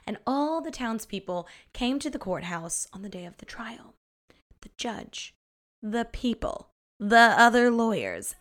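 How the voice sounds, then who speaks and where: A woman hosts a podcast and tells a story in a relaxed, playful way. Her voice sits fairly high, and she takes her time with each phrase. She often breaks into laughter and drops to dramatic whispers. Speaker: podcast host. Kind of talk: casual storytelling narration.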